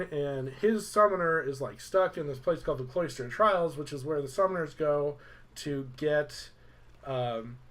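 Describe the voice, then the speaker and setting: A young man casually recapping a video game story, rambling with lots of "like" and fillers. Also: fairly high pitch. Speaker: let's play host.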